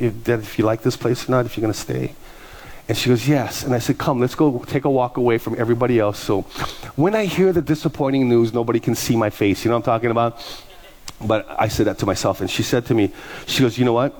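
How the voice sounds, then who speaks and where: Animated pastor telling stories. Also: male voice, mid-range voice. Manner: animated, acts out voices in his stories. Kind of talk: sermon storytelling.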